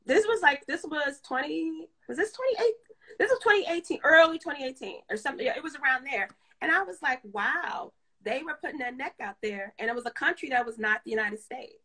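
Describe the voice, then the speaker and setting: A woman's voice: high voice, expressive, fast, sharp tone, rough recording. A woman guest in a casual interview, telling stories candidly and laughing often. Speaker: guest photographer.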